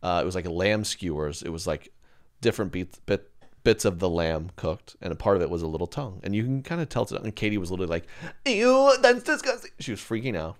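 A man's voice: low voice, fast talker. A man chatting casually as a podcast co-host, rambling and joking with lots of restarts. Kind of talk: casual chat.

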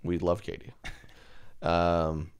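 Deep-voiced rambling man. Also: monotone, slow pace, smooth. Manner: rambling, joking, lots of fillers and restarts. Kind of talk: casual chat.

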